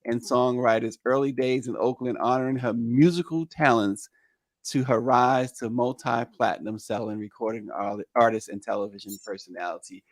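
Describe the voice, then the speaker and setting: A man's voice: medium pitch, fairly even intonation, normal speed, dry recording, clean studio sound. A man hosting a morning news show, reading headlines and chatting loosely with many fillers and restarts. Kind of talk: news talk and casual commentary.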